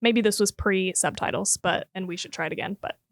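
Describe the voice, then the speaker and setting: A woman's voice: medium pitch, fairly quick, no room sound. A woman co-hosting a podcast, reacting frankly and casually to her co-host's picks. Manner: responsive, frank, swears casually. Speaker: podcast co-host. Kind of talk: casual chat.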